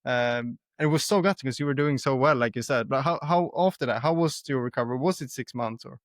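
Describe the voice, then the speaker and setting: A man's voice: mid-range voice, quick pace, no echo, studio quality. A man hosting a podcast interview, asking earnest, admiring questions. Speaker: podcast host. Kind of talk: casual interview.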